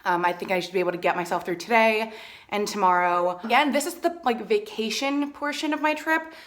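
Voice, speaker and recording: A woman's voice: mid-range voice, a little fast, a bit bright. A young woman talking casually to her camera while travelling, chatty and full of "like", now and then out of breath after climbing stairs. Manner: chatty, complaining, lots of "like". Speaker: travel vlogger. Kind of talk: casual vlog chat. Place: small rented room in a villa.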